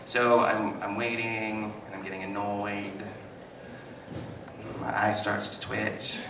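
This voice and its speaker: A man giving a live talk as a psychotherapist, telling stories with animated, self-mocking humor to an audience. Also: on the low side, slow. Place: hall with an audience. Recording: echoey hall, mic at a distance, noisy.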